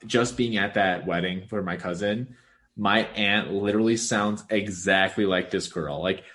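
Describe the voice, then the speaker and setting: A man's voice: on the low side, unhurried, a bit bright. A young man co-hosting a podcast, rambling casually with lots of filler words and frequent chuckles. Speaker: podcast co-host. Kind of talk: casual chat.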